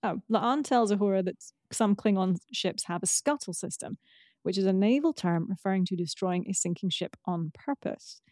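A woman co-hosting a podcast, chatting casually with fillers and quick asides. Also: medium pitch, expressive, a little mellow, dry recording, studio quality. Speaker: podcast co-host. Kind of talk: casual chat about a TV episode.

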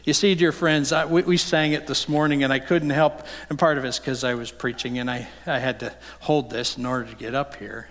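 Earnest pastor preaching in a reverberant church. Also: male voice, medium pitch, fairly even intonation, fairly quick, hardly any pauses, a bit bright. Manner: earnest, rises sharply when voicing Jesus' rebukes. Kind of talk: sermon. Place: church sanctuary. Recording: long hall reverb.

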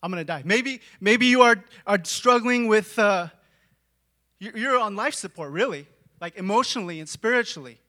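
A man preaches with a high, bright, ringing voice. He talks casually, tossing in "like" and "right?", and swings from quiet, intimate stretches to full shouts. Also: normal speed. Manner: dramatic swings from hushed to shouting; conversational, with filler "like" and "right?". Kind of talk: sermon.

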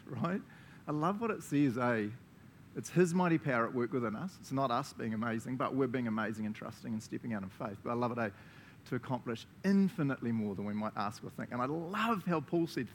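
A man's voice: medium pitch, expressive, fast, a little hiss or hum. A male pastor giving a casual, interactive sermon, joking and chatting with the congregation. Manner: jokey, playful, chatty.

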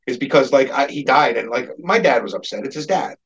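A man's voice: mid-range voice, animated, brisk, a bit bright, dull audio, slight background noise. A man on a casual podcast, telling a long personal story in a rambling, profane way and livening up when he quotes people. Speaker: podcast co-host.

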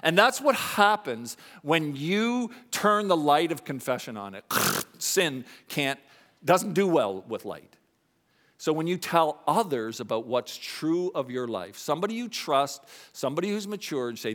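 A pastor in his fifties preaching a sermon in a church, shifting between quiet confessional moments and raised emphatic points. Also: unhurried. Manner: animated preaching, swings between soft confessional lows and raised emphatic highs. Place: church sanctuary.

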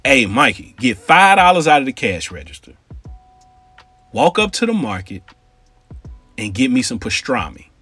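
A man doing his brisk older grandfather. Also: mid-range voice, very animated, sharp tone, slightly rough, soft background music, full character voice. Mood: ordering. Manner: matter-of-fact orders. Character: older grandfather, brisk shop owner handing out errands.

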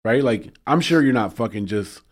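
A man's voice: medium pitch, animated, moderate pace. A young man co-hosting a podcast in casual chat, laid-back and profane, laughing often as he tells stories. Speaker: podcast co-host.

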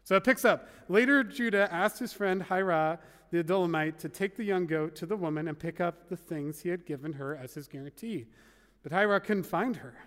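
Wry pastor with a high voice. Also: male voice, fairly quick, a bit bright. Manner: conversational and wry, with asides. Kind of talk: sermon. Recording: long reverb of a large hall.

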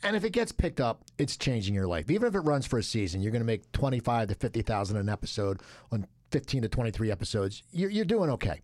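A man hosting a podcast interview, chatty and rambling, his voice jumping up when he gets excited. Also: medium pitch, fast talker, no echo, clean studio sound. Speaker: podcast host. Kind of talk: casual interview chat.

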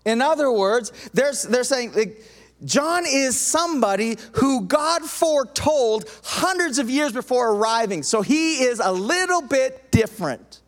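Male preacher, high voice, animated sermon delivery, reverberant hall. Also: unhurried. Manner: animated, acts out quoted voices, drops to soft intense tone.

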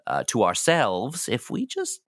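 Sly older ex-teacher, lowered voice, unhurried and swooping, voiced by a man. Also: huge pitch swings, no echo, studio quality. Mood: scheming. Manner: conspiratorial, hushed, hesitant. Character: scheming older male former teacher. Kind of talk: actual-play roleplay.

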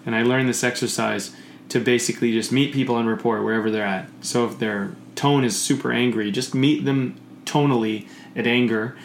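A man talking in casual conversation, rambling and animated, often swearing and acting out the voices he quotes. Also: medium pitch, brisk, creaky. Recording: echoey room with faint noise.

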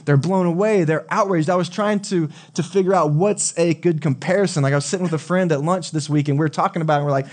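A male pastor preaching a sermon in a relaxed, conversational way, often asking the congregation questions. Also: on the high side, quick pace, hardly any pauses. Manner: conversational, asks the audience questions.

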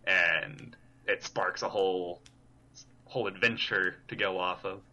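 Bright-toned easygoing man. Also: low voice, fairly even intonation, a little slow, muffled recording. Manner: easygoing, filler-heavy. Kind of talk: casual chat.

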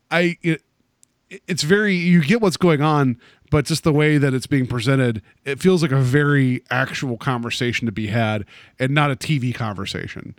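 A man's voice: fairly high pitch, dry recording, clean studio sound. Rambling man chatting on a podcast. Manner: rambling, full of fillers and restarts. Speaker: podcast co-host. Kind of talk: casual chat.

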